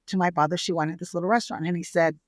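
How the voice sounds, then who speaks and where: A woman's voice: lowish voice, racing, no echo. Give me a middle-aged Texan restaurateur woman recounting family stories, with a dry, close sound. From San Antonio, Texas. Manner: lively storyteller who acts out family quotes. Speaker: restaurateur guest. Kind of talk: casual storytelling interview.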